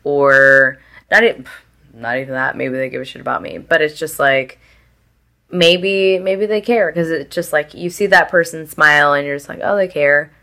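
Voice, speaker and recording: A woman's voice: low-pitched, normal speed, pushed and bright. A young woman chatting candidly as a podcast guest, full of filler words and casual swearing.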